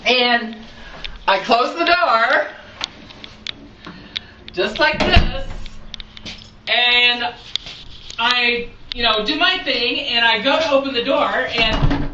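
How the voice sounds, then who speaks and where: A woman in her forties telling a personal story to the camera in a chatty, animated way, talking straight to her viewers. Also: on the high side, extremely slow, long pauses, highs cut off, background noise. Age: 40s. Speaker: vlogger.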